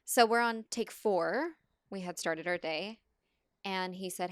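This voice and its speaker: A woman's voice: medium pitch, measured pace, smooth, no echo, clean studio sound. A woman guest on a podcast, chatting casually and acting out quotes as she tells stories. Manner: animated storytelling, acts out quotes with laughs. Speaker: podcast guest, actor and script supervisor. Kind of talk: casual conversation. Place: Los Angeles.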